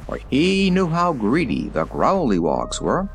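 A man reading a children's fantasy book aloud as scripted narration, with an expressive delivery. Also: fairly low pitch, measured pace, soft background music, poor audio. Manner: expressive reading with character voices. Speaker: audiobook reader.

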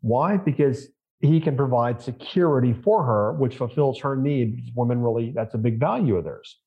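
A man with a mid-range voice speaks at normal speed as a podcast guest and mindset coach in a conversational interview. He is emphatic and repetitive and asks rhetorical questions, with dull lo-fi sound.

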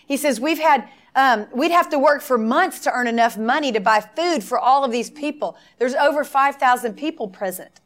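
A woman's voice: sits high, normal speed, hardly any pauses. A middle-aged woman preaching a sermon, telling stories and acting out the dialogue with emphatic repetition.

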